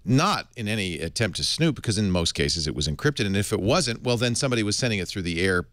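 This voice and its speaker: A middle-aged man with a lowish voice talks fast while hosting a podcast, with no echo. He reads tech news in a casual, wry, animated way and slips into comic voices.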